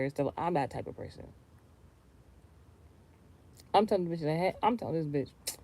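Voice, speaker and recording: A man venting in a casual, rambling rant, profane and animated, with lots of restarts and sudden loud high outbursts. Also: normal speed, vocal fry, pauses often. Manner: swings between low mutters and loud high outbursts. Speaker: vlogger.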